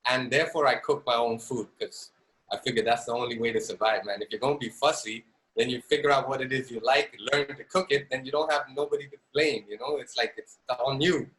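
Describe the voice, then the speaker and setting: A man's voice: mid-range voice, fairly quick, a bit bright, a little hiss or hum, low-quality recording. A man with a Zambian English accent, a podcast guest chatting casually and often adding "man" and "you know". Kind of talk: casual interview chat.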